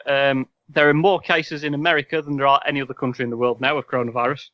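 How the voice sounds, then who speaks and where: Racing along in a level, mid-range voice, a man co-hosting a casual podcast runs a quiz as quizmaster, full of dry sarcasm and rambling asides. He's on a video call, so the audio is slightly dull but without echo.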